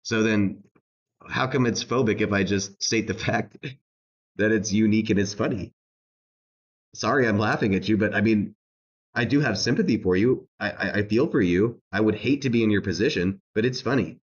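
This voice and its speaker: A man's voice: on the low side, moderate pace, lo-fi sound. A man streaming a reaction rant, mocking and laughing as he talks, swearing and repeating himself.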